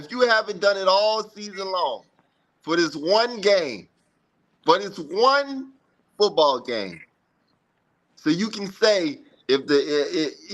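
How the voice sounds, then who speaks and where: A man's voice: fairly high pitch, fairly bright tone. A man with a New Orleans accent hosting a sports podcast, making a long, repetitive appeal to fans in casual talk. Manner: pleading, repetitive, drawn-out fan appeal. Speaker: podcast host.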